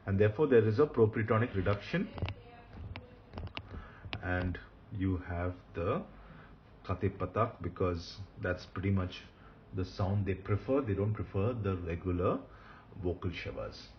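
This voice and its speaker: A man teaching Hebrew grammar in a recorded lecture, patient, repeating key points and often pausing with fillers. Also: sits low, dull audio, slight background noise.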